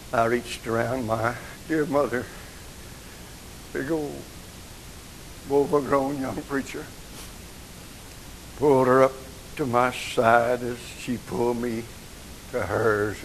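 An older man, preaching an emotional sermon that moves from soft, hushed passages to rising outcries. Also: medium pitch, creaky, a little hiss or hum, rough recording.

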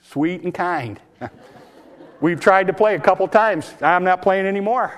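High-pitched preacher man. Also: measured pace. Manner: impassioned, pitch rising when exhorting; acts out Bible dialogue in folksy speech. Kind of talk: sermon.

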